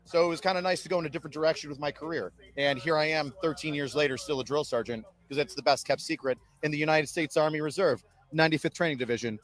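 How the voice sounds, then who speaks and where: Male drill sergeant, 30s, animated storyteller, slightly high voice. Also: fast talker, few pauses. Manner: upbeat, animated, recruiting pitch. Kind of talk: interview storytelling.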